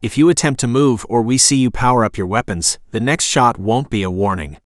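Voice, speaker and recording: A man's voice: mid-range voice, brisk, no echo, studio quality, close to an everyday voice. A man voicing a stern male patrol officer giving commanding, threatening orders over a ship's comm.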